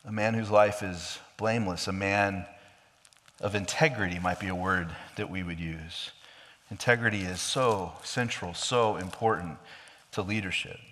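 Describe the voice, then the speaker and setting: A man's voice: deep voice, moderate pace, a bit bright. Preaching man in a reverberant hall. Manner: explanatory, emphatic preaching with rhetorical questions. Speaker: pastor. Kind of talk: sermon.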